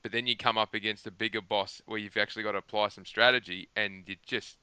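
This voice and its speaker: A man's voice: fairly low pitch, fairly even intonation, fast, pushed and bright, smooth, no room sound. A man talking at length on a gaming podcast, rambling and emphatic, restarting his sentences often. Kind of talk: casual chat.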